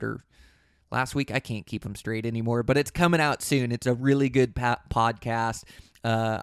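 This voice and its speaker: A man's voice: medium pitch, a bit bright, clear, resonant tone, no echo, studio quality. A man hosting a podcast, talking in an easygoing, rambling way with many fillers and restarts. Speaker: podcast host. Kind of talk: casual podcast intro.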